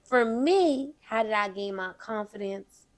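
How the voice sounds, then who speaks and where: Young woman, slightly high voice, put-on Southern drawl, blunt and sassy, casual podcast chat. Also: animated, a little slow. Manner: sassy, blunt, swears freely. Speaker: podcast co-host.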